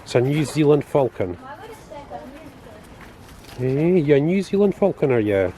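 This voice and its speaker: A man's voice: fairly high pitch, sing-song, unhurried, mellow, some chatter behind. A man filming outdoors at a bird of prey centre, cooing fondly at the birds and asking them little questions. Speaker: family vlogger filming. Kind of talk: casual vlog commentary.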